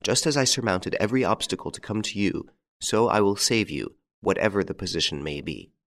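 A man playing a calm, masterful gentleman rescuer, courteous and commanding. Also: on the low side, a little fast, creaky.

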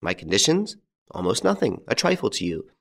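A man reading the lines of a bold, mocking gentleman thief in an audiobook, with a jaunty, theatrical, taunting manner. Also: on the low side, huge pitch swings, fairly quick, gravelly, exaggerated voice. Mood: persuasive.

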